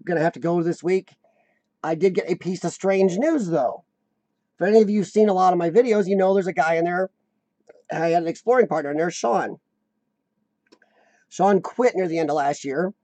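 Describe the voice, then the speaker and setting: A man hosting a casual live chat, rambling and answering viewers, his voice a little rough from lung trouble. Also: fairly high pitch, moderate pace, pauses often, a little mellow, no echo. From United States. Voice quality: slightly rough voice from lung problems. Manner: rambling, chatty, laughs often, answers viewers by name. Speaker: livestream host.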